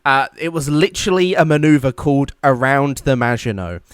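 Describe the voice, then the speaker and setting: A man's voice: medium pitch, expressive, brisk, smooth, dry recording, studio quality. A man co-hosting a podcast, telling history as a casual comedic story and acting out silly voices for the people in it. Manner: jokey storytelling, acts out silly quoted voices. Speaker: podcast co-host.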